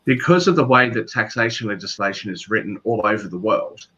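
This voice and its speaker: Australian guy chatting on a call, thoughtful, bright tone, kinda muffled audio. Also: fairly low pitch, lively intonation, brisk. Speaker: guest. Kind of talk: casual video call chat. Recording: dull lo-fi audio.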